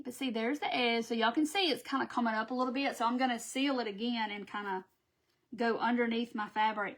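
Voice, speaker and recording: Woman, slightly high voice, chatty live craft host, self-teasing, easygoing. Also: a little fast, fairly bright tone. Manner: chatty, laughing at herself, talking to viewers while working. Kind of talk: live craft stream chat.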